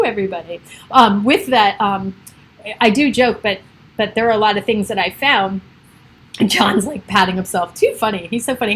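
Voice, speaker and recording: A woman's voice: mid-range voice, normal speed, fairly bright tone, low-quality recording. A middle-aged woman hosting a casual livestream, chatting and laughing often as she greets viewers by name. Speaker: livestream host.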